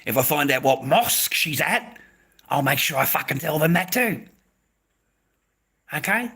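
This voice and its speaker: A man with an Australian accent and a voice pitched a little above the usual male range rants straight at the camera. His delivery is heated and confrontational, laced with profanity, and he keeps circling back over the same phrases. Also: lively intonation, measured pace, long pauses, sharp tone. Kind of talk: angry ranting monologue to camera.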